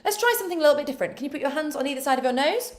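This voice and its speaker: A woman leading an online choir warm-up, giving voice exercises with playful, self-mocking asides. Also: high voice, lively intonation, racing. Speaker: choir vocal coach. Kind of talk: online vocal warm-up instruction.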